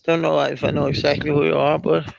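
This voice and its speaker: Over dull, lo-fi stream audio, a Danish-accented man rambles fast, swearing often and restarting his sentences a lot. His voice is a little high with vocal fry and little pitch movement.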